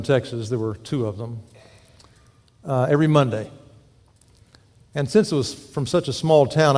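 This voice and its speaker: Folksy pastor preaching in an echoey hall. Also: male voice, mid-range voice, a little mellow. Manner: folksy storytelling with questions to the congregation. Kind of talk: sermon. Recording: long echo of a large hall.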